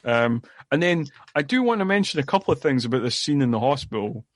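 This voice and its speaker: A man's voice: mid-range voice, expressive, quick pace, no echo, clean studio sound. Rambling male podcast co-host. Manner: rambling, many fillers and restarts. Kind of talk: casual movie-recap chat. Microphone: podcast microphone.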